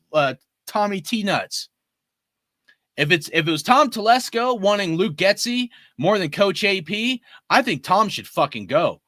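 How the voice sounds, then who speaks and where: Forties guy ranting hard, bright high voice jumping all over, swearing nonstop. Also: no echo, studio quality. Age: 40s. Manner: profane, heated ranting. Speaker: sports fan commentator. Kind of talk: ranting fan commentary.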